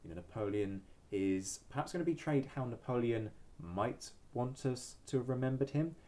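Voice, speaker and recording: A man speaking as a historian, giving measured expert commentary with frequent ums and pauses. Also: mid-range voice, dark tone.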